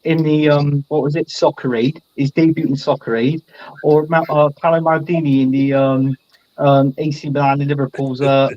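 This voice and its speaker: Slightly high-voiced man with a dull, dry sound. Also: little pitch movement, moderate pace, dry recording. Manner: laughs often, teasing banter. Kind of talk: casual football chat.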